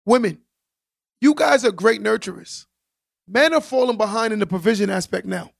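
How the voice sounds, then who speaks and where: Man, podcast host, emphatic and preachy, gravelly voice, dry close sound. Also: sits high, expressive, normal speed, dry recording. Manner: emphatic, preachy, repeats phrases for stress. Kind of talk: casual podcast monologue.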